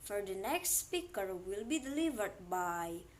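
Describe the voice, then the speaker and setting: A woman's voice: mid-range voice, very animated, unhurried. A young woman with an Indonesian accent giving a class presentation as student moderator, careful and hesitant, with frequent fillers.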